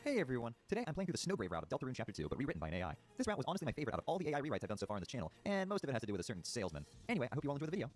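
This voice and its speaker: Excitable man with lively, swinging pitch. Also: rapid-fire, hardly any pauses. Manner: excitable, jokey and profane, often laughing. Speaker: gaming channel host. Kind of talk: let's play commentary. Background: game music.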